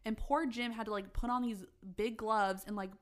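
Animated, foul-mouthed young woman telling a story. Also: fairly high pitch, normal speed. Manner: animated, swears freely, laughs mid-story. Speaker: podcast co-host. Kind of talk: casual storytelling chat.

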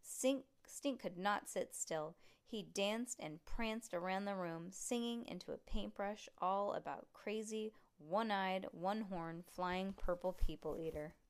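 A woman reading a children's book aloud to a child at home, with relaxed, chatty asides. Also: medium pitch, unhurried, hardly any pauses, clear, resonant tone. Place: room at home.

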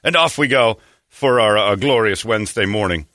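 A man's voice: on the low side, normal speed, pushed and bright, no room sound, studio quality. A man hosting a morning radio show in casual chat, rambling and breaking off his own sentences as he tells stories. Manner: rambling, self-interrupting storyteller.

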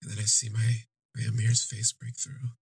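Male podcast host recounting a personal story; raspy and level, halting and emotional. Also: lowish voice, monotone, no echo.

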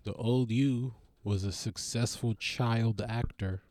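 A man's voice: slow pace, no echo. Young guy ranting and rambling, swears a lot, voice shoots way up then mumbles off, dry close mic. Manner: rambling, profane, animated with big pitch jumps; trails off into mutters. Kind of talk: casual comedic monologue.

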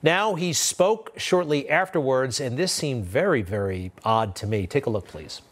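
A man's voice: mid-range voice, lively intonation, normal speed, noisy background. A man hosting a news interview, asking skeptical, wry questions. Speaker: news host. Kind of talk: conversational interview.

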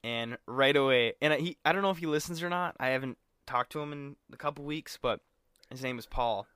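Animated young man telling a story. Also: medium pitch, fairly quick, smooth, no echo. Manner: animated, acts out quotes, swears freely. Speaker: podcast co-host. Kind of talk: casual storytelling chat.

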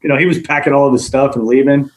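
A man, a guest, telling work stories in a casual, animated way, acting out the voices of the people in them. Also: medium pitch, very fast, echoey room, low-quality recording. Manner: animated, acts out quoted voices. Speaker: guest, general manager. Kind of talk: casual storytelling.

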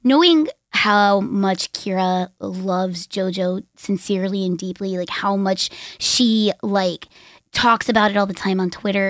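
A hoarse woman speaking as a guest voice actor on a podcast, energetic and rambling, full of fillers. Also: medium pitch, no echo. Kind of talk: casual podcast chat.

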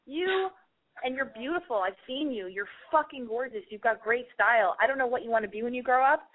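Woman host, high-ish voice, swears freely, rambling pep-talk energy, phone-line tinny sound. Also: lively intonation, a little fast. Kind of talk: casual advice call-in chat.

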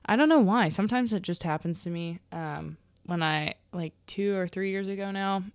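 At a normal speed and medium pitch, a young adult woman chats casually on her solo podcast, telling loose stories with many fillers and frequent laughs. There's no echo in the audio.

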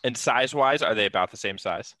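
A man's voice: medium pitch, expressive, a little fast, sharp tone. A young man talking as a player in a tabletop game, hesitant with many fillers.

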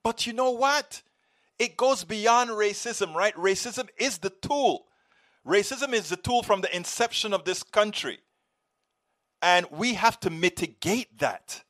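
A man's voice: sits high, animated, a little slow, fairly bright tone. A man speaking as an author in a heated discussion, making points emphatically, repeating himself and telling anecdotes. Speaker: author and guest. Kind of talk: impassioned discussion.

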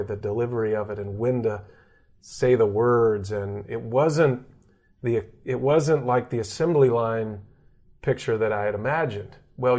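A man from Texas who works as a sportscaster, telling stories in a podcast interview and acting out the voices of people he quotes. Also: mid-range voice. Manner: animated, acts out quoted voices. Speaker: guest sportscaster. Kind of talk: casual storytelling interview.

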